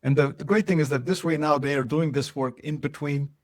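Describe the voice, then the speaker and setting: A man's voice: fairly high pitch, fairly quick, no echo. A man presenting a webinar, talking loosely with lots of fillers and asking if things make sense. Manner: loose and conversational, many fillers and checks for understanding. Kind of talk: casual webinar talk.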